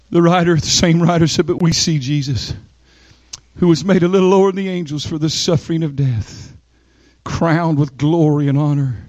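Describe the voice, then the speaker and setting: A male preacher with a high voice delivers a sermon with emphatic, dramatic pauses and soaring rises. The sound is dry and close, with little room around it. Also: darkish tone, no echo, dull audio.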